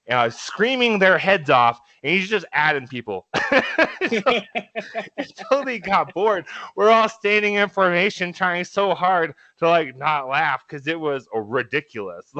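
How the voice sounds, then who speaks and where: Here a young male podcast co-host spins casual stories, frequently laughing and stumbling into fillers and restarts. His pitch is fairly high and his tone sharp, captured in a dry, lo-fi recording.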